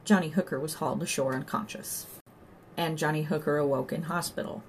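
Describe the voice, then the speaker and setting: A woman reads an audiobook aloud in scripted narration, telling the story in a measured, wry way. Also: low-pitched, fairly even intonation, slight background noise.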